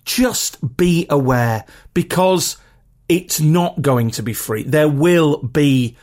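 Speaking slowly, a man with a regional British accent and a slightly high, darkish voice hosts a solo podcast. His casual talk is chatty and meandering, with plenty of self-deprecation.

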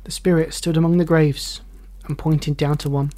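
A measured, expressive narrator reading a classic novel aloud. Dramatic pauses give weight to key phrases. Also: medium pitch.

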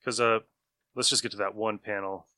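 Male co-host, low bright voice, dry close sound, relaxed and enthusiastic. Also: a little fast, no echo. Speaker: comic book podcast co-host. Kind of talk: casual chat.

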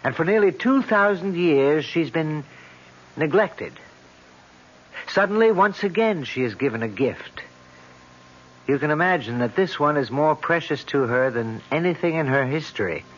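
An actor playing a wry cousin in a 1970s radio drama, speaking in a measured, storytelling way. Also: male voice, a little high, lively intonation. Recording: dull old radio broadcast with light hiss.

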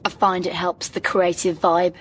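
A woman's voice: fairly low pitch, flat delivery, normal speed, a little hiss or hum, natural voice. An actress playing an irritable teenage girl in a sitcom, speaking in a curt, exasperated way. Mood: sulky.

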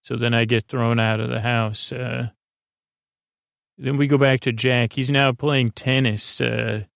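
Flat, gravelly-voiced man rambling. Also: medium pitch, no echo, studio quality. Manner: halting, hesitant, many filler pauses. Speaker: podcast host. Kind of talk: rambling sleep-podcast episode recap.

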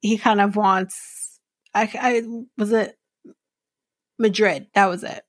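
A woman's voice: mid-range voice, fairly even intonation, slow pace, no room sound, clean studio sound. A woman hosting a podcast, recapping a reality show in a chatty, rambling way with many restarts. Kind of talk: casual chat recap.

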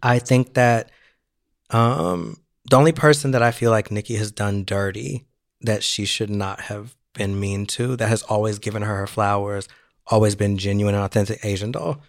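A man co-hosting a podcast, chatting casually with animated, gossipy energy and frequent laughter. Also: on the low side, moderate pace. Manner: animated, gossipy, laughs often, mimics voices. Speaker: podcast co-host. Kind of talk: casual chat.

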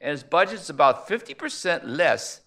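A man speaking at a conference panel, measured and analytical, posing rhetorical questions as he lays out his argument. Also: fairly high pitch, very animated, a bit bright. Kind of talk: conference presentation.

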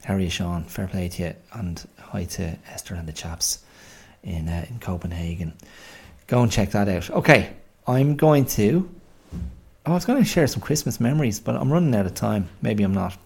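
A man's voice: low voice, gravelly, darkish tone, slightly rough. A man in his forties, hosting a podcast in a rambling, self-deprecating, chatty monologue. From Ireland. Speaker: podcast host. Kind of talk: casual monologue.

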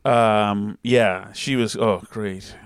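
A man's voice: fairly low pitch, fairly even intonation, extremely slow, smooth, dry recording, clean studio sound. A man hosting a podcast, chatting casually and rambling through stories with many restarts. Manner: rambling, self-interrupting storyteller. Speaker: podcast host. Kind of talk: casual chat reading listener messages.

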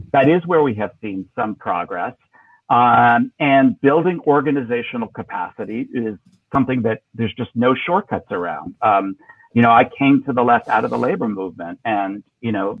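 A man's voice: mid-range voice, breathy edge, no room sound. A man as an interview guest, talking politics in a thoughtful, hesitant way with many fillers and restarts. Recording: tinny dry phone line.

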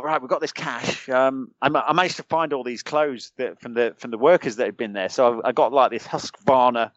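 British man telling lively war stories. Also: medium pitch, no room sound, dull audio. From United Kingdom. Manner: animated anecdotes, chuckles often, many restarts. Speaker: podcast guest, former special forces soldier. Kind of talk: casual storytelling.

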